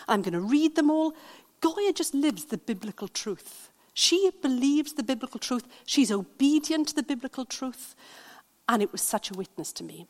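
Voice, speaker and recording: A woman with a Welsh accent preaching a sermon, telling stories in an animated, conversational way. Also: sits high. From Wales. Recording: long hall reverb.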